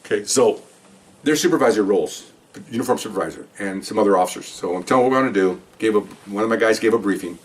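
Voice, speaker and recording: Older ex-cop storyteller, low voice, rapid delivery, acts out the dialogue, mic set back a bit. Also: male voice, far from the mic. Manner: animated storyteller who acts out dialogue and asks rhetorical questions. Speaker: retired police supervisor telling stories. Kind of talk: podcast storytelling.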